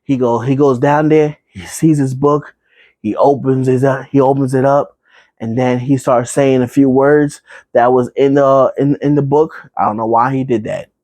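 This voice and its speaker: Guy rambling thru a horror movie recap, lots of ums and asides, mid pitch, dry sound. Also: fairly even intonation, a little mellow, dry recording. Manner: rambling, many fillers and asides; acts out characters in quick put-on voices.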